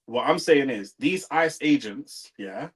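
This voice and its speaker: A man's voice: mid-range voice, animated, measured pace. A man, co-hosting a heated casual debate, arguing hard, repeating himself and cutting in. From England. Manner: argumentative, repeats himself, interrupts.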